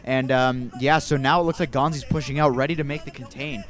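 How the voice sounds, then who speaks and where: A young man casting a video game match in an easygoing, rambling way. He often backtracks and corrects himself mid-sentence. His voice sits at an ordinary middle pitch. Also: a little fast. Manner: rambling, relaxed, self-correcting. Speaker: amateur esports caster. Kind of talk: casual play-by-play game commentary.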